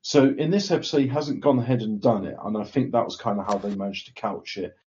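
Measured man on a muffled mic. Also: on the low side, a little mellow. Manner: measured, reflective, with stumbles. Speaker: podcast co-host. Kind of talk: casual podcast chat.

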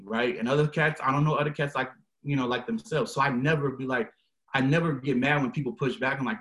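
A young man, a guest on a podcast, talking in a relaxed, slangy and emphatic way. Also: mid-range voice, a little fast. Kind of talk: casual conversation.

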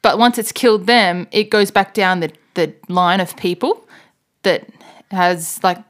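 Here a podcast co-host speaks in a lowish voice with fairly even intonation, taking her time. She chats casually, wandering through a story and laughing frequently.

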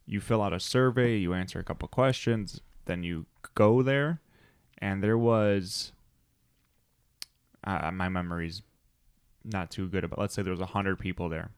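A man's voice: sits low, a little slow, pauses often, clean tone, dry recording, clean studio sound. A man in his thirties co-hosting a podcast, rambling through a story and acting out what people said. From United States. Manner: rambling storyteller, acts out quotes. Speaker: podcast co-host. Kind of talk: casual chat.

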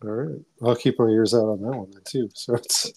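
A man hosts a casual podcast interview with a warm, mellow voice. He sounds eager but halting, and the recording is close and dry. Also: medium pitch, fairly even intonation, gravelly, slightly rough, no room sound. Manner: eager, halting, keeps saying awesome. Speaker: podcast host.

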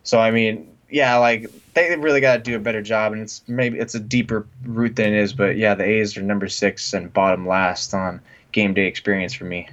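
A man's voice: fairly low pitch, fairly even intonation, moderate pace, a bit bright. A young man co-hosting a sports podcast, ranting in casual chat and laughing often. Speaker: podcast co-host. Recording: dull lo-fi sound.

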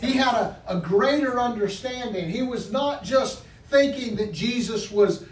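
A man's voice: very high-pitched, unhurried. A man preaching as pastor, praying and telling a story fervently, often repeating praise words and restarting phrases. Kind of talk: sermon with spoken prayer. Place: church sanctuary. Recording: echoey room, far from mic, faint background noise.

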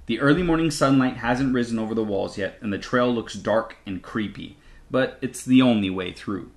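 A man reading an audiobook aloud in an expressive, animated manner. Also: medium pitch, moderate pace. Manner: animated, lively intonation. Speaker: audiobook narrator. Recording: roomy echo.

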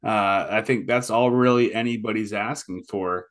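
A man's voice: fairly low pitch, normal speed, fairly bright tone. A man co-hosting a podcast, chatting casually in short, plain sayings. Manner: easygoing, speaks in short plain maxims. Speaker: podcast co-host. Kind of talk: casual chat.

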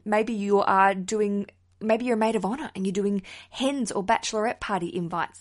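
A young woman hosting a wedding podcast, chatting casually and enthusiastically, with the odd swear word thrown in. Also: mid-range voice.

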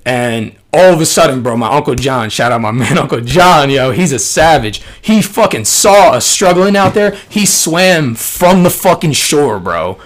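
A young man telling a story in casual chat, slangy and profane, full of fillers and animated. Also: fairly high pitch, normal speed, few pauses.

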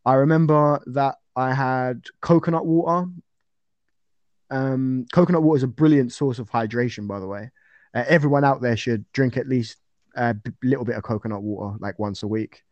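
A man's voice: mid-range voice, moderate pace, a little mellow, no room sound, dull audio. A young man talking casually as an interview guest about his fights, rambling with fillers and restarts.

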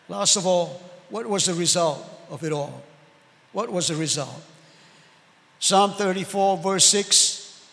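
A man's voice: high-pitched, a bit bright. A man preaching a sermon as pastor, earnest, drawing out key words and calling for amens. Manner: earnest preaching with drawn-out emphatic words and calls of amen. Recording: long hall reverb.

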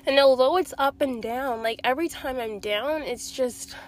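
A young woman with a high, light voice talks straight to her viewers in a confessional vlog. She sounds sad and close to tears. She rambles, circles back and swears often. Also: normal speed. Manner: emotional, rambling, frequent swearing. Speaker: vlogger.

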